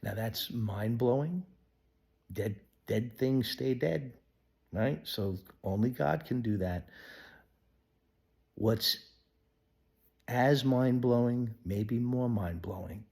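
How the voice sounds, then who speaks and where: A man giving an earnest devotional Bible teaching, sometimes dropping to a hushed whisper. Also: mid-range voice, takes it slowly, gravelly, long pauses, slightly rough. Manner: acts out quoted voices of people in the story. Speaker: pastor.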